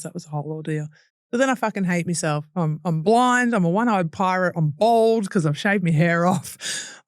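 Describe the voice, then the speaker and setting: Her voice on the low side, a young Australian woman on a podcast bluntly tells her hard story with swearing, laughing through painful memories and acting out what people said. The studio-quality recording carries no room sound.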